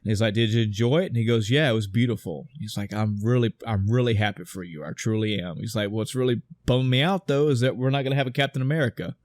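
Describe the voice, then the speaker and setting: A man's voice: mid-range voice, fast talker, hardly any pauses, no echo. Guy on a podcast going through a movie beat by beat, swears a lot, pretty dry sound. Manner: excited retelling with swearing and quoted dialogue. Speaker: podcast co-host. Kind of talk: casual film discussion.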